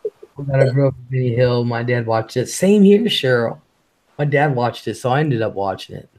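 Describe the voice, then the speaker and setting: A blunt man hosting a live stream in casual chat. He talks fast and swears freely, and his voice sits at a middling pitch. He reads chat messages out between his own remarks. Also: animated, darkish tone.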